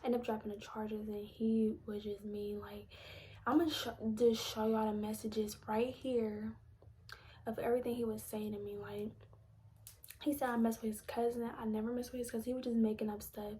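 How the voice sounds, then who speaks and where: A woman's voice: fairly high pitch, level tone, moderate pace, mellow, a little hiss or hum. A young woman telling a personal story to her viewers, often half-whispering and holding back tears. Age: young adult. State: close to crying. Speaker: vlogger.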